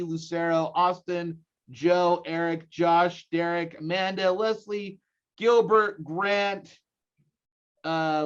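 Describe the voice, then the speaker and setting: A man's voice: a little high, lo-fi sound. Upbeat Utah man presenting over a call. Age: 40s. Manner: energetic, rallying the audience with questions. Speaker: guest speaker. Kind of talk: live seminar presentation.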